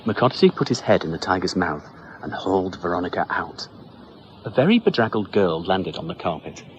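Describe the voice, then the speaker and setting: Animated male storyteller, playful, dull broadcast sound with faint hiss. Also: sits low, normal speed. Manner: expressive and playful. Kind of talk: children's story reading.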